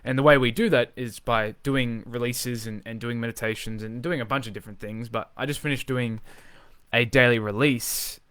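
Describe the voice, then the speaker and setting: A man coaching in a live, unscripted video, talking with energy and driving points home by repeating himself, swearing as he goes. His voice is smooth and resonant at a middling pitch. The sound is dry and close. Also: moderate pace, dry recording. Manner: energetic, emphatic, swears freely, repeats phrases for emphasis. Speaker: social confidence coach.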